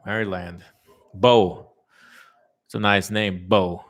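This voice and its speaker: A man with a somewhat low voice talks casually to his viewers. He rambles through stories with lots of fillers and easy swearing. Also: slow. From lives in a tourism-based place, has lived abroad. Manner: relaxed, rambling, swears often, many fillers. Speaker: channel host chatting with viewers. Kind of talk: casual live chat.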